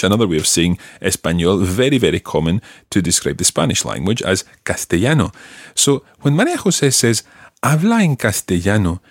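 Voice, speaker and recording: A man hosting a language-learning podcast, explaining grammar patiently and clearly. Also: lowish voice, no echo, studio quality. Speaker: language teacher and podcast host.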